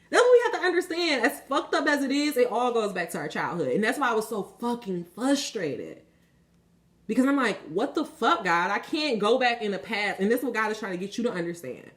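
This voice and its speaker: A woman with a fairly high voice delivers a spiritual tarot reading in a loose, conversational way. She talks with fired-up, preachy passion and swears freely as she addresses her viewers. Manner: casual, conversational. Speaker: tarot reader.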